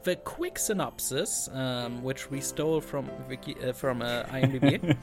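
A man's voice: medium pitch, normal speed, music in the background. A man co-hosting a casual podcast, chatty and jokey, laughing often. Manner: jokey, puts on a brief pirate voice, laughs often. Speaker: podcast co-host. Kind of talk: casual chat.

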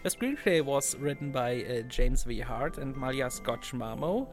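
A man's voice: mid-range voice, expressive, measured pace, faint music behind. A man co-hosting a casual podcast, chatty and jokey, laughing often. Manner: jokey, puts on a brief pirate voice, laughs often. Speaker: podcast co-host. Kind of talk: casual chat.

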